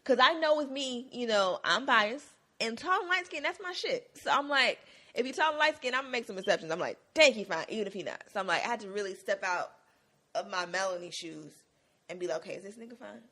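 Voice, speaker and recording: Animated woman recapping TV with laughs. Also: on the high side, fast talker. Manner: animated, laughing, slangy storytelling. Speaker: podcast co-host. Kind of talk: casual TV recap chat.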